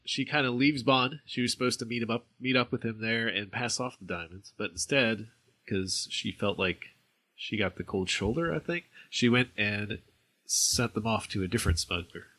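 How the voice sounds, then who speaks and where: A man co-hosting a podcast who calmly fills in plot details, often hedging with "I guess" and "I think". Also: fairly low pitch, moderate pace. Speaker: podcast co-host. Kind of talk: casual chat recapping a film.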